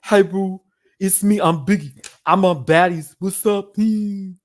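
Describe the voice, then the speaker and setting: A man's voice: sits high, measured pace, pitched above the performer's own voice. A man putting on the voice of a brash female reality-show star, talking in swaggering, repetitive slang.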